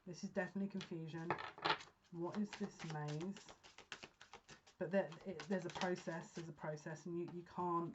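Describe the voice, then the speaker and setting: Female psychic reader, heartfelt halting delivery, lowish voice, muffled lo-fi audio. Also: fairly even intonation, slight background noise. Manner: earnest, emotional, halting restarts. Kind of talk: pick-a-card reading monologue. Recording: dull lo-fi sound.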